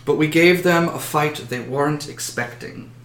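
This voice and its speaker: A man voicing a male wizard with a wry, measured delivery. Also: on the high side, fairly bright tone. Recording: roomy echo.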